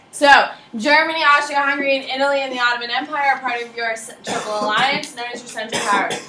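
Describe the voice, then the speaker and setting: A woman gives a history lecture in a bright, slightly high voice, joking with the class and quizzing students by name. She is recorded from across an echoey classroom, with faint ambience behind her. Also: recorded from a distance, slight background noise. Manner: lively, casual, jokey, quizzes students by name. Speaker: history teacher.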